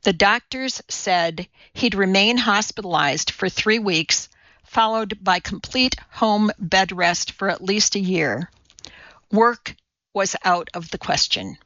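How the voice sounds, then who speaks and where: A woman narrating an audiobook in measured, even storytelling. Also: mid-range voice, no echo, dull audio. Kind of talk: scripted narration.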